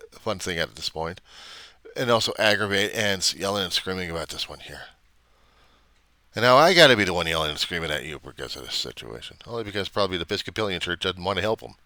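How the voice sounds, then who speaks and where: Indignant older man with a bright, crisp voice. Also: low-pitched, no room sound. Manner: rambling, indignant, swears often. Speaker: reverend. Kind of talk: casual rant on camera.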